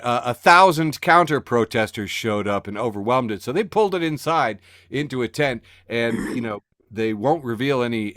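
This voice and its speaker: A man's voice: medium pitch, dry recording. Sarcastic podcast guy, voice jumps all over, laughs a lot, dry close mic. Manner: sarcastic, laughs often, animated. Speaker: podcast co-host reading the news. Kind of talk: casual podcast chat. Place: home studio on a video call.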